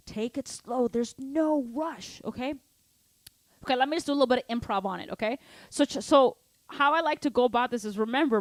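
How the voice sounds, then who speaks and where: Woman drum teacher, live stream; upbeat, encouraging, filler-heavy chat, slightly high voice, dry close sound. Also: no echo. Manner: encouraging, chatty, many "like" fillers. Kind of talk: live online drum lesson.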